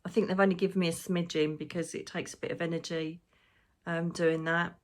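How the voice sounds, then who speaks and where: A woman speaks in a loose, spiritual monologue as a psychic medium. Her voice sits a little low. She rambles and gets emotional, with the odd casual swear. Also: level tone, fairly quick.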